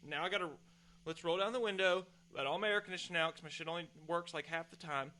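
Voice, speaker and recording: Talking fast with a forceful, bright, steady tone, a man with a slightly high voice rants casually on his podcast. The story he tells is heated, profane and exasperated.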